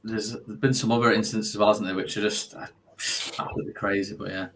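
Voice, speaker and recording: A man chatting on a casual show in an easygoing, rambling way. His voice is bright and forward, with a faint background hiss. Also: on the low side, fast talker. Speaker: co-host. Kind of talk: casual chat.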